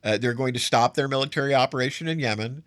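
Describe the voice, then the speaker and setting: A man's voice: medium pitch, quick pace, fairly bright tone, no echo, studio quality. A man hosting solo political commentary, sarcastic and emphatic, stacking up adjectives as he argues.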